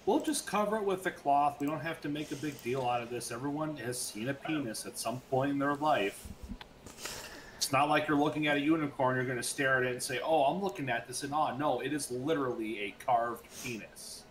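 A man's voice: mid-range voice, fairly quick, reverberant, slight background noise, poor audio. Joking man at a tabletop game. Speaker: player. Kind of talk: casual tabletop chat.

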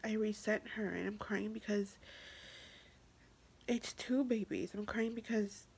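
A young woman vlogger speaking through tears in an emotional confessional vlog, halting and repeating herself, often dropping to a whisper. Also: mid-range voice, steady tone, gravelly, a little mellow, slightly rough. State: tearful.

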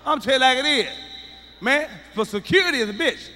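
A middle-aged man doing a loud, profane, emphatic stand-up routine, recorded live. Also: extremely high pitch, expressive, fairly quick, in a large hall. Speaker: stand-up comedian.

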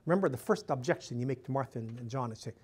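A man's voice: medium pitch, animated, very fast, darkish tone, slightly rough. A male missionary priest talks to a room full of listeners in a loose, conversational way. He strings his points together as stories and often drops in "you know". When he quotes someone, he lifts his voice to act out the dialogue. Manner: chatty, storytelling, acts out quoted dialogue in a raised voice, frequent "you know". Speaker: missionary priest giving a talk. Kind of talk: conversational lecture to a live audience. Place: room with a live audience.

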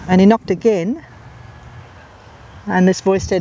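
An amateur nature videographer from England, a woman with a fairly low, dark voice, narrates off the cuff at a normal speed while filming wild birds on a golf course. Her tone stays steady, but she pauses often and rambles from one anecdote to the next with many ums and uhs. Recorded outdoors on a handheld camera mic, the sound is a little muffled and dull, with birds squawking behind her.

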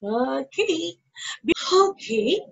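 A woman preschool teacher talking in a bright, exaggerated sing-song way to young children. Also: high voice, big pitch swings, very slow, gravelly, lo-fi sound. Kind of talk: playful lesson for young children.

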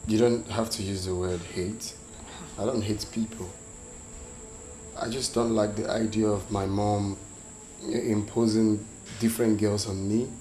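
A man playing a calm, reserved young prince. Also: lowish voice, a little slow, lightly acted. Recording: echoey room.

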